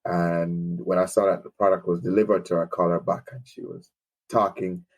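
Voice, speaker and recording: A man's voice: low-pitched, little pitch movement, a little fast, darkish tone, breathy edge, highs cut off. A man with a Jamaican accent, a business founder who is a podcast guest, telling enthusiastic stories about his customers. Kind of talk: casual conversational interview.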